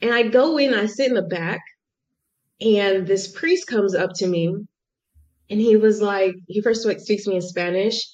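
A young American woman telling a travel story in a podcast interview, chatty and animated, full of "like" and acted-out quotes. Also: medium pitch, moderate pace. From United States. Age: young adult. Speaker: guest. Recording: muffled lo-fi audio.

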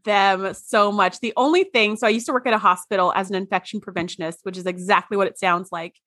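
A woman's voice: mid-range voice, fast talker, fairly bright tone, dry recording, clean studio sound. A woman co-hosting a podcast, chatting casually about a TV episode and dropping wry asides. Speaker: podcast co-host. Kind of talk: casual chat recapping a TV episode.

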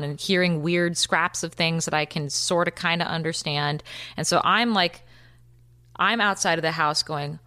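A woman in her thirties, a podcast guest, retelling events quickly and vividly, acting out what people said. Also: low-pitched, steady tone, sharp tone. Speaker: interview guest. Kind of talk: recounting a personal story.

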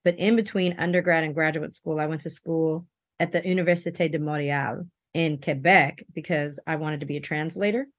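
Lively storytelling woman, low voice. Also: a little fast, no echo, clean studio sound. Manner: animated, expressive storyteller. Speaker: guest. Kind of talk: casual interview conversation.

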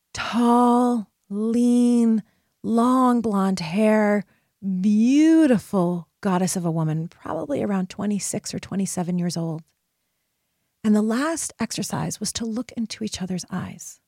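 A woman's voice: mid-range voice, darkish tone, husky, no echo, clean studio sound. A woman podcast host and life coach telling a personal story in an earnest, emphatic way, often checking in with "right?".

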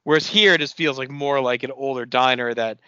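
A man co-hosting a podcast, chatting casually as he recaps a TV episode in a relaxed, filler-heavy way. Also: medium pitch, a little fast, clear, resonant tone, no room sound, muffled recording. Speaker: podcast co-host.

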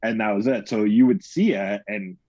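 Low-pitched man, casual movie-podcast chat, rambly with restarts, dull dry recording. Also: moderate pace, darkish tone, dry recording. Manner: rambling, filler-heavy, frequent restarts. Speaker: podcast co-host. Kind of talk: casual film discussion.

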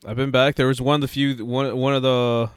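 A man co-hosts a casual podcast in a mid-pitched voice. He sounds tired and rambles, often restarting his sentences. The sound is dry, with little room. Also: little pitch movement, fairly quick, clean tone, no room sound. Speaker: podcast co-host.

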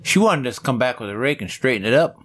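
A man's voice: mid-range voice, very animated, fast, slightly rough. Folksy middle-aged man telling stories. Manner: folksy, chuckling anecdotes. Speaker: business owner. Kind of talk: casual storytelling in a podcast interview.

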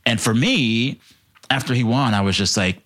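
A man in his thirties, from Texas, telling animated stories in a casual podcast chat and jumping into high voices for the people he quotes. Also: moderate pace. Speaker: podcast guest.

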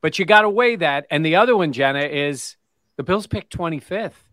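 A man's voice: fairly high pitch, lively intonation, normal speed, a bit bright, dry recording. A man hosting a football talk segment, leading the chat and putting questions to his co-hosts. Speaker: sports show host. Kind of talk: sports talk discussion.

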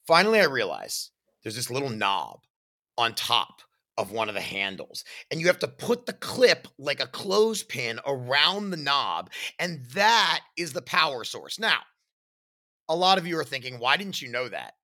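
Man, podcast host, bright tense voice, lively storytelling, acts out sound effects. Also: mid-range voice, moderate pace. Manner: animated, acts out his own shouts and sound effects. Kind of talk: first-person storytelling.

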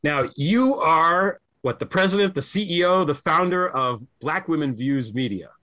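A man's voice: on the high side, animated, moderate pace, bright, forceful tone. A man hosting his podcast, speaking earnestly and emphatically, sometimes rambling as he interviews a guest. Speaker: podcast host.

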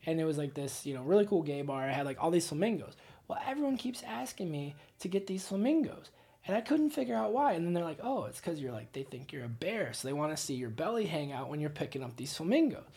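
Low husky fast-talking woman. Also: sing-song, warm tone. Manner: storytelling, profane, laughing asides. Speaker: guest. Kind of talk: casual podcast chat.

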